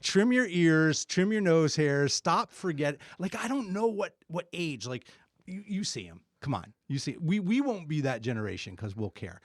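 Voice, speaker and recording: Animated joking man in casual chat. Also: on the high side, moderate pace, dry recording, clean studio sound. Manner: joking, animated storyteller who acts out quoted voices.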